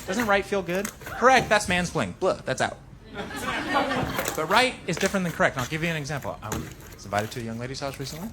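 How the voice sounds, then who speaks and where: A man's voice: on the high side, very animated, a little fast, long pauses, noisy background. A man doing a stand-up set in a wry, conversational way. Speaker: stand-up comedian.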